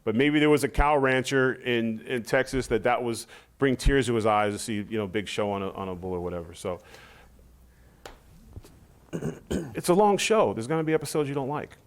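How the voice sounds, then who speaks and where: A middle-aged former wrestler in a casual shoot interview, telling animated stories and acting out what others said. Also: male voice, normal speed, long pauses. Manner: animated storytelling, acts out quotes in high voices.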